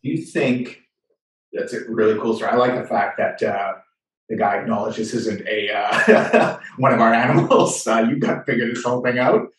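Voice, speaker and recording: Aussie male interviewer, mid pitch, loose and hesitant, recorded distant and very echoey. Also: moderate pace. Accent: Australian. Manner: relaxed, hesitant with many fillers. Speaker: podcast host. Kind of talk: casual interview chat. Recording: distant echoey room mic.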